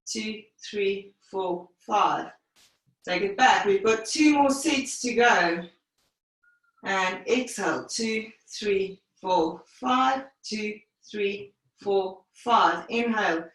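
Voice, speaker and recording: A woman's voice: mid-range voice, slow, fairly bright tone. A woman pilates instructor teaching a live online class, cueing breaths and counting reps in short phrases, a little out of breath. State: slightly out of breath. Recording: very echoey room, voice far from mic.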